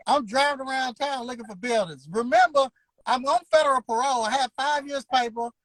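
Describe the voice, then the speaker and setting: A man's voice: very high voice, a bit bright, no room sound, rough recording. Emphatic man in his fifties. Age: 50s. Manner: emphatic, preacher-like, drawn-out words. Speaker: interview guest, barber school owner. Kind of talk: motivational storytelling.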